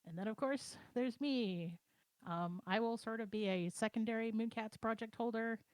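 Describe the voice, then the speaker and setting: A woman co-hosting a casual livestream chat, explaining plans in a relaxed, conversational way from home over a voice call. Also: a little high, moderate pace, dry recording. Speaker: project co-owner and co-host. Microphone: computer mic on a voice chat.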